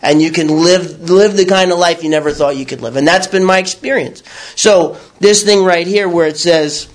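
A man's voice: a little high, normal speed. A man sharing his recovery story in candid personal testimony, blunt and crude at times, acting out his past thoughts. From New York. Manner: animated, acts out his own past thoughts. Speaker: recovery speaker.

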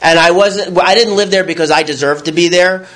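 Male speaker with a high voice giving a frank, animated recovery testimony. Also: brisk. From New York. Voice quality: raw, blunt storytelling with crude words. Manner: animated, acts out his own past thoughts. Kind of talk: candid personal testimony.

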